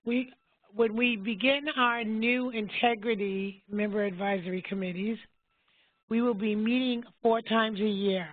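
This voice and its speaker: A woman giving a businesslike webinar presentation for a health plan, speaking in a measured way. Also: a little high, fairly even intonation, dry recording. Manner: measured, businesslike, asks for next slide. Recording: dry tinny phone line.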